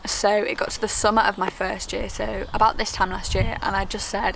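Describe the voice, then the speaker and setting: A young woman from the UK talking to camera in a quick, chatty, earnest way, with frequent ums. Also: medium pitch, flat delivery, vocal fry. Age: young adult. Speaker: vlogger. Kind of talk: casual talk to camera. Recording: noisy background with traffic.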